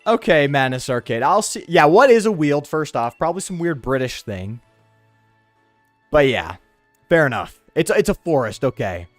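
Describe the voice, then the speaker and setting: Lively high-voiced man ranting while gaming. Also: moderate pace, no room sound, soft background music. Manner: animated, slangy, ranting. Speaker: streamer. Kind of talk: casual live-stream chat while gaming.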